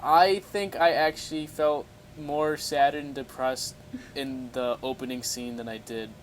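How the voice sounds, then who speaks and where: A man's voice: mid-range voice, fairly even intonation, a little slow, a little hiss or hum. Easygoing young man chatting casually. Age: young adult. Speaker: podcast co-host. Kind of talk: casual film-review chat.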